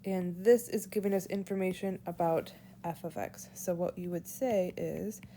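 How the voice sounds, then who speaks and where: A woman teacher giving a whiteboard math lesson, walking through each step slowly and aloud. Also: on the low side, mellow, a little hiss or hum. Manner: slow, deliberate, walks through steps aloud. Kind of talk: whiteboard lesson explaining calculus.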